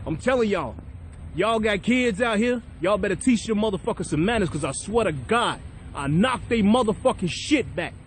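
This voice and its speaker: Profane man ranting high. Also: lively intonation, normal speed, a little hiss or hum. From Chicago. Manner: profane, blunt, confrontational. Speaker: vlogger. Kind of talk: heated storytelling rant.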